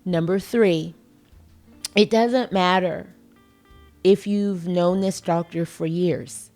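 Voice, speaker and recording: A woman's voice: lowish voice, fairly even intonation, slow pace, darkish tone, faint music behind. A woman hosting her own podcast, talking to listeners in a playful, emphatic way and acting out little conversations. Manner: emphatic, playful, acts out dialogue. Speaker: podcast host. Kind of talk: casual solo podcast talk.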